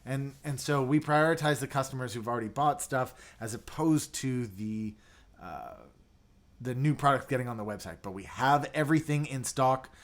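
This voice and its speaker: Speaking at a normal speed in a mid-range voice, this livestream host keeps the chat casual and loose. He reads viewer comments aloud, stumbling through fillers and restarts.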